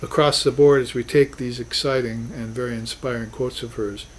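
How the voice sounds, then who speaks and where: A man's voice: medium pitch, steady tone, normal speed, a little hiss or hum, low-quality recording. A man teaching a class on spiritual philosophy, talking in an earnest, reflective way with emphatic bursts. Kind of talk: recorded class lecture.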